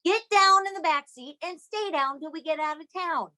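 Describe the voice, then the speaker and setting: A man's voice: high voice, big pitch swings, unhurried, vocal fry, a bit bright, exaggerated voice. A woman storyteller voicing a bossy male gang leader who scolds a new recruit. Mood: scolding.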